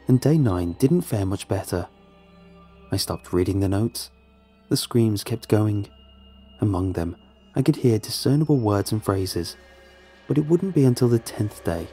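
A man's voice: fairly low pitch, mellow. A man narrating a first-person horror story in a tense, dramatic manner.

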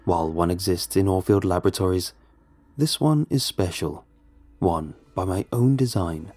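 A man's voice: low-pitched, normal speed, a little mellow, soft background music. A man putting on a cold, mysterious questioner. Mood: calm.

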